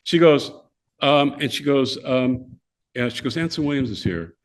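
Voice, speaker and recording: At a moderate pace and medium pitch, an older podcast guest spins casual stories. He's animated, slipping into the voices of the characters he describes.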